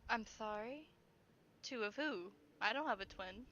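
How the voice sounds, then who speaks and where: A woman's voice: fairly high pitch, lively intonation, measured pace, a bit bright, muffled recording. A woman voicing a nervous young rogue in a tabletop game, answering hesitantly and defensively. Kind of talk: tabletop game role-play.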